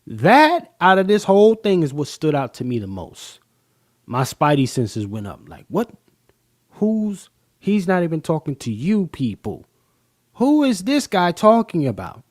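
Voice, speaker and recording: A man hosting a live-stream podcast, talking emphatically and slowly to his audience. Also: high-pitched, wildly swooping pitch, no room sound, clean studio sound. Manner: emphatic, drawn-out, addresses the chat as y'all. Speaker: podcast host.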